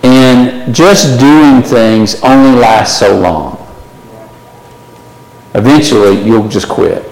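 A man's voice: mid-range voice, slow, a little mellow. A man teaching a Bible study lesson, conversational and questioning, often checking in with the class. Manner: conversational, asks the class questions, frequent "right?". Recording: echoey hall from far off.

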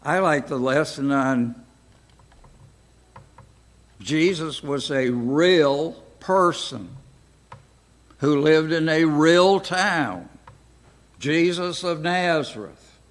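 Slow, deliberate older man teaching Bible class. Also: a little high. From United States. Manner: slow, deliberate, pausing often. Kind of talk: Bible study lesson.

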